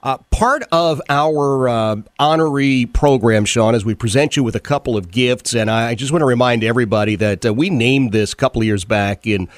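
A man's voice: medium pitch, brisk, few pauses, no echo. A man hosting a talk radio interview, earnest, often repeating words and using fillers. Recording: dry studio sound.

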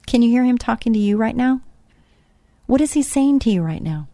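A woman hosting a Christian radio show, talking to listeners in a chatty, quick way with friendly asides. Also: fairly high pitch, expressive, mellow, no echo. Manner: chatty, self-described fast talker, asides to listeners. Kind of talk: faith talk radio show.

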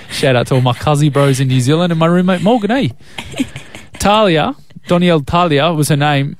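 A young man co-hosting breakfast radio with a cheeky, joking delivery. His voice sits at an ordinary pitch and sounds close and dry, with no room around it. He tells stories casually and playfully. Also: brisk, no echo. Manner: cheeky, playful, jokey storytelling. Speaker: radio co-host.

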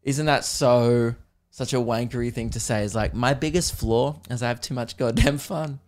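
On his comedy podcast, a young Australian man with a mid-range voice tells a long pub story in a loose, chatty way. He's animated, doing quick put-on voices for the others, swearing freely and laughing at his own lines.

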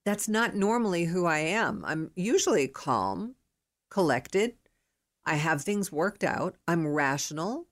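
A woman in her fifties hosting a podcast, talking in an excitable, rambling, emphatic way as she gives motivational advice. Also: lowish voice, takes it slowly. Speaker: podcast host.

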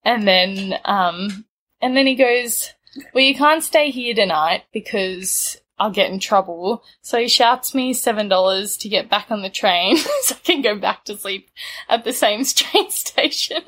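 A woman's voice: mid-range voice, animated, measured pace, a bit bright. A young Australian woman in her twenties, casually telling a story, laid-back and laughing often. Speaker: guest telling a travel story.

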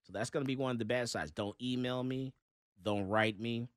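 A man hosting a casual talk show, telling animated stories and giving blunt opinions. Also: mid-range voice, brisk, smooth, no room sound, clean studio sound. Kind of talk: casual talk radio chat.

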